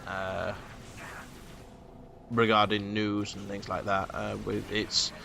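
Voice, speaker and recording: A man's voice: fairly low pitch, flat delivery, slow pace, creaky, sharp tone, a little hiss or hum. A man hosting a casual podcast, rambling with many fillers. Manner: rambling, filler-heavy planning talk. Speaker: podcast host.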